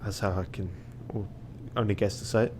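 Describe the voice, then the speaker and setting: A man's voice: on the low side, steady tone, brisk, darkish tone, a little hiss or hum. A tired man streaming a game, reading its text aloud and making wry, muttered asides.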